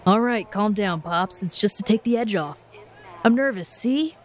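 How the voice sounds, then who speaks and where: Brief: woman as a jittery wisecracking tough-guy smoker, high and cocky. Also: animated, normal speed. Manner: old-time tough-guy slang, smirking. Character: cocky nervous male chain-smoker, tough-guy drawl.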